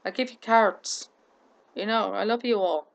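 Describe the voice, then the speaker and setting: Woman with a stammer, gravelly voice. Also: mid-range voice, a little slow, dull audio. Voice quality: stammer, repeats words and restarts sentences. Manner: runs out of breath at the ends of sentences. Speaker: vlogger. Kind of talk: casual talk to camera.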